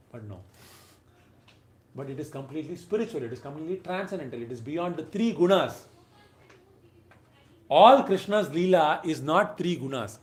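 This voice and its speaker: A man giving a devotional lecture, emphatic, swinging between loud and soft phrases and briefly chanting verses. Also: fairly high pitch, echoey room.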